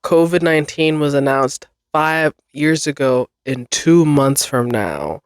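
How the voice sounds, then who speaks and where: A young woman talks through her solo podcast at an unhurried, drawn-out pace, losing her thread and apologizing for it. She sounds close and dry, with no room echo around her voice. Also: very deep voice. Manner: rambling, self-deprecating, swears and laughs often. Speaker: podcast host. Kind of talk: casual solo chat.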